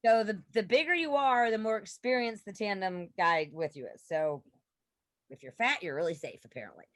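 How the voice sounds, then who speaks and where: A woman guest on a podcast, telling a story in a casual, animated way and laughing often. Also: mid-range voice, normal speed, no room sound.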